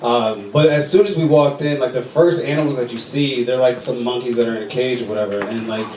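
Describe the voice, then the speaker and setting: A man's voice: medium pitch, fast, darkish tone, a little hiss or hum. A young man doing a loose, rambling stand-up set with a lot of swearing and filler words. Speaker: stand-up comedian. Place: comedy club stage. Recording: echoey room from far off, crowd laughter. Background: audience laughing.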